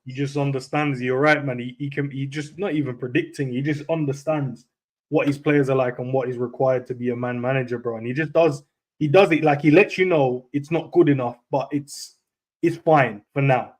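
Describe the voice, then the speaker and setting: A man's voice: medium pitch, fairly even intonation, moderate pace, darkish tone. Laid-back young man. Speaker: football podcast co-host. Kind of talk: casual chat.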